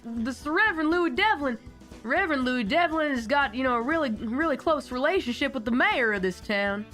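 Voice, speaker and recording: Animated high-voiced woman game master. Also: moderate pace, soft background music. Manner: animated, laughing narration. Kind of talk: narrating a tabletop game.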